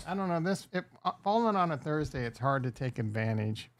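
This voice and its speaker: A man's voice: fairly high pitch, animated, fairly quick, hardly any pauses, no room sound. A man hosting a casual livestream, rambling and crude as he jokes with his chat. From Upper Midwest. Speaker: livestream host.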